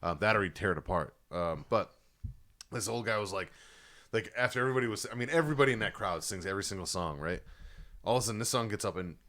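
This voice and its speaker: A man co-hosting a casual podcast, rattling off a long anecdote at a quick clip. His voice sits a little low, and he swears freely as he talks. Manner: swears a lot, animated anecdote-telling. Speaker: podcast co-host. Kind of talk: casual chat, storytelling.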